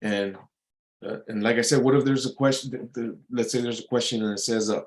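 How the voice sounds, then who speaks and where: A man's voice: mid-range voice, fairly even intonation, brisk. A man lecturing in a loose, unscripted way, swearing freely and circling back over his own words. His voice sits in the middle range. The room gives it a noticeable echo. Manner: blunt, swears often, repeats and restarts. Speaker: vlogger giving life advice. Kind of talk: casual motivational talk.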